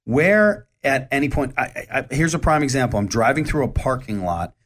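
A man's voice: medium pitch, expressive, normal speed, a bit bright. Candid rambling man in his forties. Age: 40s. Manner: candid, rambling, conversational with frequent restarts. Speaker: show host. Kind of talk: casual monologue.

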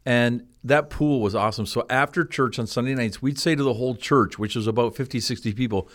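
A man's voice: mid-range voice, a little fast. Enthusiastic reminiscing male pastor. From Canada. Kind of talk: casual chat.

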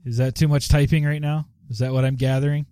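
Male podcast host, mid pitch, dry close sound, rambling and chatty. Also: level tone, quick pace, warm tone, clear, resonant tone, no echo. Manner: rambling with many fillers and laughs. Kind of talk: casual live show chat.

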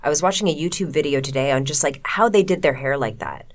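Deep-voiced woman making wry film points. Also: fast. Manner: wry, argues points in full thought-out sentences. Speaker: podcast co-host. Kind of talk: casual film discussion.

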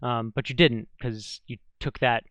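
A man's voice: medium pitch, fairly even intonation, unhurried, fairly bright tone, clear, resonant tone, no room sound. A man, a psychologist and podcast co-host, chatting casually and offering reflective advice. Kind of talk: casual chat. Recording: dry, slightly dull lo-fi sound.

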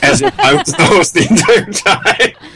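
A man from Minnesota joins the show by call-in line. His voice swings up and down with a lively, playful bounce. He chats casually and laughs at his own jokes. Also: high voice, measured pace, crowd noise. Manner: playful, laughing, self-mocking. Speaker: caller and guest. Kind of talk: casual chat.

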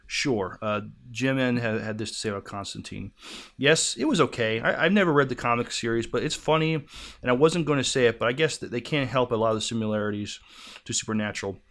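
A man co-hosting a podcast, reading listener comments in a measured, halting way. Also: mid-range voice, a bit bright. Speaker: podcast co-host.

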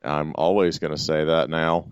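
A man's voice: rumbling low, flat delivery, normal speed, clear, resonant tone, no room sound, dull audio. A man co-hosting a podcast, giving blunt, stubborn, contrarian opinions on comics in casual chat. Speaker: podcast co-host.

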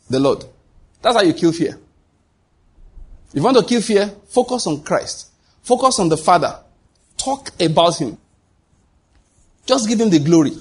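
Husky-voiced male pastor, slightly high pitch, call-and-response sermon delivery. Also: darkish tone. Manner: call-and-response preaching, rhetorical questions.

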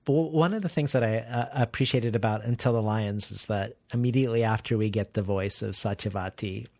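A man's voice: lowish voice, a little fast, a little mellow, dry recording. A man interviewing an author, asking long, careful questions with small restarts.

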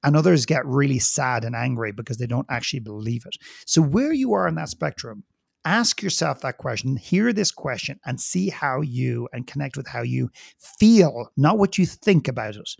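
A man with a heavily gravelly, creaky voice talks earnestly as an interview guest, hammering his points home by repeating them. The sound is very dry and close, with no room around it. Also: mid-range voice, animated, normal speed, dry recording. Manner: earnest and emphatic, repeats phrases for stress. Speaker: guest speaker. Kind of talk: podcast interview talk.

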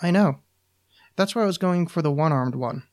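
A man voicing an anxious, gentle young girlfriend who is expecting a baby, in a soft, worried way. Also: on the high side, normal speed, close to an everyday voice.

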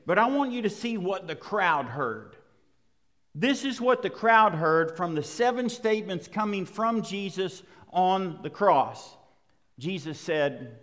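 A pastor delivers a sermon in a measured, deliberate cadence, his voice sitting a little higher than most men's. He leans on dramatic pauses and lets his intensity build line by line. His words ring out with a long reverb, as if spoken in a large church sanctuary. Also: animated, fairly bright tone. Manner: emphatic preaching with dramatic pauses and rising intensity.

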